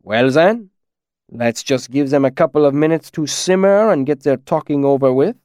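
A man's voice: fairly high pitch, moderate pace, darkish tone, dry recording, clean studio sound, lightly acted. A man doing a hearty, genial innkeeper. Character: genial hearty male innkeeper, middle-aged.

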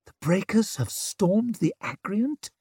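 Guy putting on a high breathy whisper for a scared noblewoman, storybook. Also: drawn-out words, no room sound, clean studio sound, exaggerated voice. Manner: hushed whispering. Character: frightened pregnant noblewoman, sharp-tongued.

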